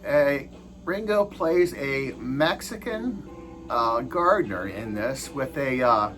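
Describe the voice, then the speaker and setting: Hesitant, slow-talking male movie reviewer. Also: mid-range voice, expressive, fairly bright tone, faint music behind, poor audio. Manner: hesitant, lots of filler sounds.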